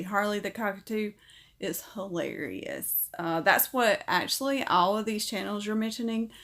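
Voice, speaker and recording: Southern lady chatting on her stream, upbeat, goes high and sweet talking to her bird. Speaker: livestream host. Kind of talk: casual livestream chat, reading comments.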